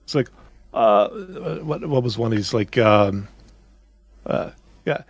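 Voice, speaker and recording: A man's voice: lowish voice, slow pace, no room sound. A male podcast co-host in casual chat, rambling and searching for words.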